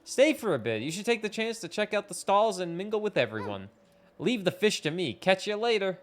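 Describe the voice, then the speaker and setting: A man's voice: sits high, sing-song, fairly quick, voice pushed up. A man voicing a cheerful, caring village girl.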